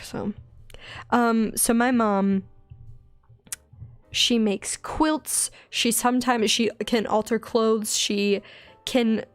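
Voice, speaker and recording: A young woman with a light Southern accent, chatting in a bubbly, rambling way while she draws on a stream, often giggling and getting excited. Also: a little high, no echo. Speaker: digital artist streaming her drawing. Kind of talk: casual chatty art stream.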